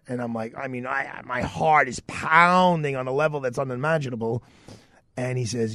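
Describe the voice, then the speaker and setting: A middle-aged radio host spins a personal story, jumping into the voices of the people in it. His voice sits at an ordinary pitch and sounds close and dry, with no room around it. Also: fairly quick, a bit bright, dry recording.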